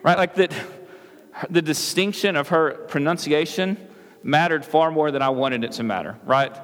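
High-voiced male pastor in echoey hall. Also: moderate pace, fairly bright tone. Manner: conversational, frequent "right?" asides and restarts. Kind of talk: sermon. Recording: echoey hall with long reverb.

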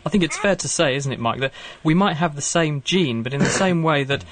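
Brisk, fast-talking radio host. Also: male voice, a little high, animated, fairly bright tone. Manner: brisk, chatty, jokey. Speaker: radio science show host. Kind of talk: live radio chat.

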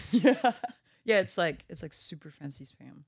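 A woman's voice: fairly low pitch, lively intonation, a little slow, slightly rough, no room sound, clean studio sound. A woman in her thirties from France with a French accent, a podcast guest chatting casually and filling her talk with "like". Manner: chatty, leans on "like" as filler. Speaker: guest, race data engineer. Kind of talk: casual chat.

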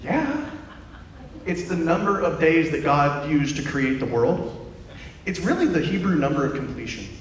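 A man preaching a lively sermon, his high voice swinging up and down as he jokes and acts out bits of the story. He sounds set back from the mic, with a long echo rolling around the church hall. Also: moderate pace. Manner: playful, animated preaching with acted-out asides. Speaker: pastor. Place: church sanctuary. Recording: echoey hall, mic from a distance.

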